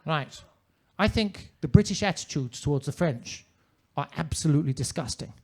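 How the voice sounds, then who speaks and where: A man's voice: a little high, animated, normal speed. A man performing a stand-up comedy set on a comedy club stage, in a pompous manner with ornate wording.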